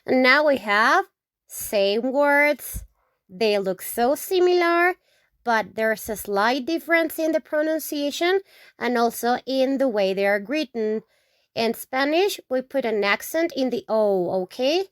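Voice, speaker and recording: A woman teaching the Spanish alphabet, saying each word slowly several times and checking in with "okay?". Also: sits high, expressive, no room sound, clean studio sound. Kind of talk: slow alphabet lesson with repetition.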